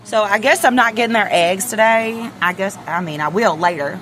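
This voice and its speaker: A woman's voice: medium pitch, normal speed, fairly bright tone, slight background noise. A woman films her backyard chickens on a handheld phone, talking casually and nervously. She swears under her breath and coos at the birds. Faint outdoor ambience sits behind her voice. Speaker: vlogger. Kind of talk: casual chat. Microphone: handheld phone camera.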